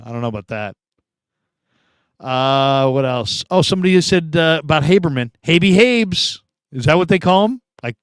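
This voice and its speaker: Animated middle-aged man, dry close sound. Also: medium pitch, clear, resonant tone, dry recording. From California. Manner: animated storytelling, laughs often, acts out quoted voices. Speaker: sports show host. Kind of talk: casual chat reading live comments.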